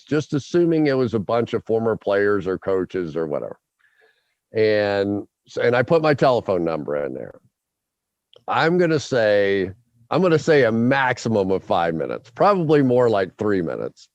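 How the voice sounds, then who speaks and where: A man hosting a podcast, telling a long story in an animated way and acting out his own quotes. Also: fairly low pitch, normal speed, dry recording, lo-fi sound. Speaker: podcast host.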